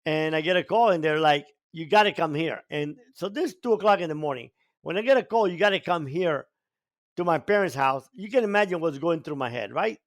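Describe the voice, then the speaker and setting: An older man, originally from Cuba, sits as a podcast guest and tells his story at length. His voice sits high for a man, and he presses his points by repeating words for emphasis. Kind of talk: storytelling in an interview.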